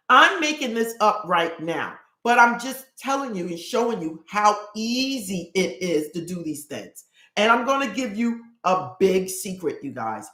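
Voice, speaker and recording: Woman, spiritual coach on a live stream, earnest and fast, mid pitch, echoey room. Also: expressive, a bit bright. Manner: earnest, talks fast, repeats phrases. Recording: roomy echo.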